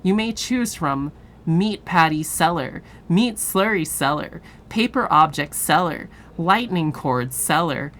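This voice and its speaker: A pompous male crow doctor pitches cheap businesses in a slow, deliberate sales patter, as a woman reads him out. The voice sits deep and low. A faint hum runs behind it. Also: fairly bright tone.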